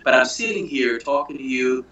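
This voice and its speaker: A man's voice: medium pitch, animated, moderate pace, a bit bright. A male host chatting casually and joking with guests while he calls in from abroad over an internet phone call. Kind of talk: casual chat. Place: abroad on tour, calling in. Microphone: phone call over Skype. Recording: echoey distant phone-call audio.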